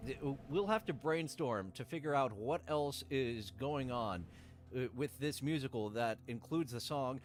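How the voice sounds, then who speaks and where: A man's voice: mid-range voice, sing-song, normal speed. A man streamer chatting casually, rambling with many fillers and crude jokes. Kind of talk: casual chat.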